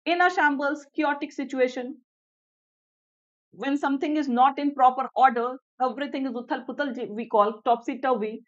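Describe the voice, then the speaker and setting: A woman's voice: high-pitched, normal speed, lo-fi sound. A woman with an Indian English accent teaching an online vocabulary lesson, repeating each definition, explaining in Hindi and checking in with viewers. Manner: switches to Hindi to explain, asks "clear everyone?".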